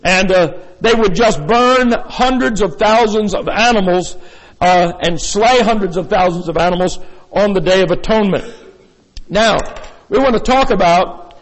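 A man's voice: high-pitched, normal speed, long reverb tail, poor audio. A man preaching a sermon as pastor, in a folksy, rambling way with many fillers and asides. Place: church sanctuary.

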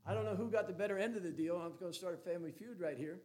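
A man's voice: sits high, very fast, darkish tone. A man preaching a sermon as a Baptist pastor, folksy and joking, then emphatic.

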